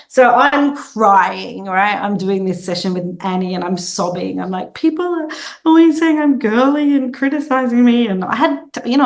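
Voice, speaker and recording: Woman guest, playful and lively storyteller, mid-range voice, conversational interview. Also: mid-range voice, vocal fry.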